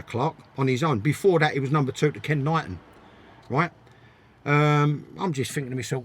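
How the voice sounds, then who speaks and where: Blunt older man telling stories. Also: a little high. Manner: blunt, emphatic, repeats himself. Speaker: interview guest, former footballer. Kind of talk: casual storytelling, swearing freely.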